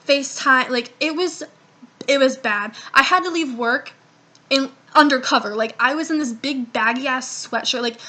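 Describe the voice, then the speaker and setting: Bright, high-voiced young woman telling a story. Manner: profane, rambling, animated retelling with quoted dialogue. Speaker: vlogger. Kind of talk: casual storytime vlog.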